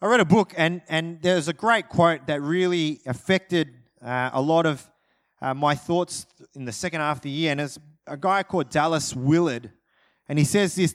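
A pastor preaching a sermon in a conversational way, with light humor and repeated phrases. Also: male voice, a little high, normal speed.

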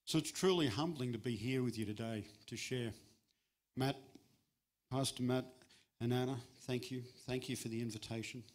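A middle-aged man preaching as a guest speaker at a church, in a conversational, humorous way, with sudden rises in pitch for emphasis. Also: normal speed, darkish tone. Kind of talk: sermon.

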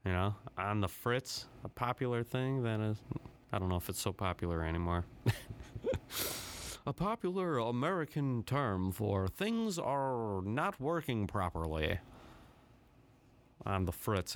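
A man's voice: mid-range voice, big pitch swings, measured pace, pauses often, a little hiss or hum. A man hosting his own podcast, rambling through a casual, profane solo rant with a self-deprecating edge. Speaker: podcast host.

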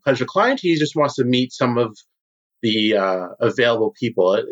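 A man's voice: mid-range voice, lively intonation, normal speed, natural voice. A man voicing a fussy, flustered male guild handler in a tabletop game, in a raised voice. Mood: eager. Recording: dull lo-fi sound.

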